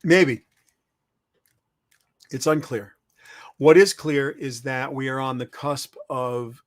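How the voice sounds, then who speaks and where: A man speaking from his office as an author guest, animated and quick to act out little imagined conversations. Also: medium pitch, no echo, clean studio sound. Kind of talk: conversational interview. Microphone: webcam setup with a mirrorless camera.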